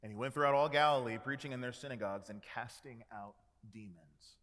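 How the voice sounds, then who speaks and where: A man preaching a sermon, animated, acting out quoted voices and dropping to hushed tones. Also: medium pitch, quick pace, hardly any pauses. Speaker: pastor. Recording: long hall reverb.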